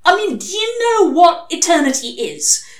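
A woman's voice: very high voice, sing-song, voice pushed up. A woman voicing a sly male demon who presses his arguments urgently. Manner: pushy, fast-pressing arguments. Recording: echoey room.

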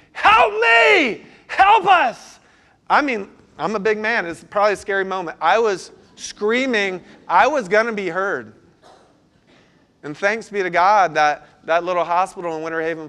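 A man preaching a sermon as a pastor, telling a personal story and moving between hushed passages and loud, urgent ones. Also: sits high.

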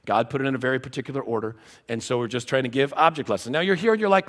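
A man giving a humorous teaching talk to a live audience, an animated and self-mocking storyteller. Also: medium pitch, very fast. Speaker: conference speaker. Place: large conference hall. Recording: long hall reverb.

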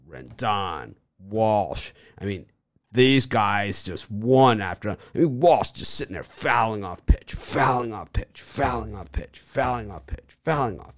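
Deep-voiced man, dry close sound. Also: dry recording. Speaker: sports betting show host. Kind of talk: casual sports betting chat.

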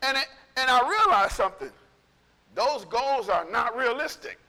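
A male pastor preaching in a casual storytelling way, animated and conversational, acting out what people said. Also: extremely high pitch, moderate pace, vocal fry, big-room sound. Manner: animated, conversational, acts out quotes. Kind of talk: storytelling sermon.

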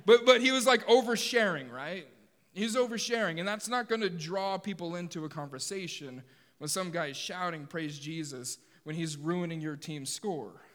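Animated man preaching in a reverberant hall. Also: high-pitched, moderate pace. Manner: animated, joking asides with the congregation. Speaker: pastor. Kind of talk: sermon.

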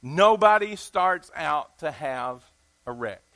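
Here a Southern US preacher with a very high, ringing voice gives a sermon, speaking folksily and with emphasis while repeatedly asking his audience questions. He sounds animated and unhurried, with a sharp tone.

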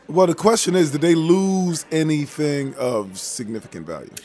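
High-voiced guy cohost, blunt and jokey, ranting casually. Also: moderate pace, dark tone, a little hiss or hum. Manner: blunt, opinionated, joking. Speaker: podcast co-host. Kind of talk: casual chat.

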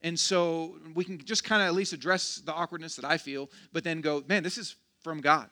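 A man's voice: fairly high pitch, fairly even intonation, fairly quick, pushed and bright. A man preaching a sermon as pastor, casual and joking, with self-deprecating asides and frequent restarts. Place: church.

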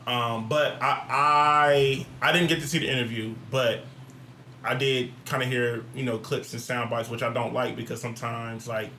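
A man's voice: mid-range voice, little pitch movement, normal speed, sharp tone. A laid-back man talks through his points in a casual discussion. His voice carries noticeable room echo, and faint noise runs underneath it. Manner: laid-back, says "you feel what I'm saying".

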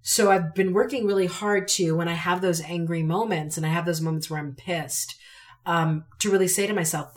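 A woman with a slightly low voice talks through a solo podcast episode. She is candid and emphatic, circling back on phrases to stress them. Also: normal speed. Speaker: podcast host.

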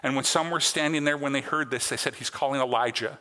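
A man's voice: on the high side, fairly even intonation, fast talker, pushed and bright. A man preaching a sermon as a pastor, earnest and conversational, checking in with his congregation. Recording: long hall reverb.

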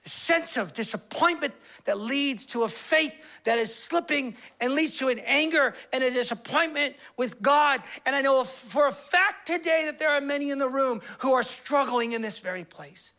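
A man preaching a sermon as pastor, impassioned, swinging between hushed confession and loud declarations. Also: very high-pitched, lively intonation, normal speed, few pauses.

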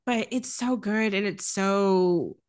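A woman of middling pitch who hosts a relaxed movie chat. She is animated and laughs easily, and she jumps into playful impressions of the characters. She comes across loose and conversational. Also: takes it slowly, smooth. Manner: animated, giggly, acts out scenes in quoted voices. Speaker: podcast host. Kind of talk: casual film discussion.

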